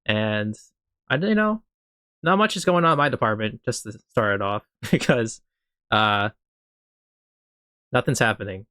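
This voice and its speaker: A man's voice: on the low side, animated, unhurried, pauses often, pushed and bright, no echo. Young man, podcast host, playful, joking, dry sound. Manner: playful, joking, laughs between lines. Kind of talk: casual chat among friends.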